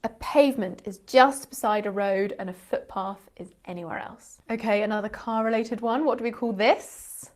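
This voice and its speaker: A woman's voice: mid-range voice, steady tone, moderate pace, hardly any pauses. A British woman, an English teacher and channel host, explaining word differences playfully with frequent laughs and teasing asides. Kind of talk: explaining vocabulary to camera.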